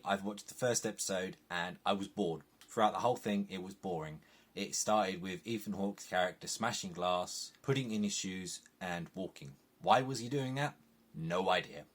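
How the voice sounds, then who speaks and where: An English man giving an exasperated, animated review to camera, his speech full of "like" fillers. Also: lowish voice. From England. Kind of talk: opinionated review monologue.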